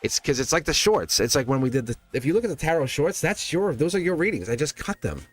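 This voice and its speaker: A man's voice: fairly high pitch, big pitch swings, fast talker, faint music behind. A man hosting a live tarot reading stream, chatting casually with viewers, laughing often and repeating himself as he talks. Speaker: tarot reader, livestream host.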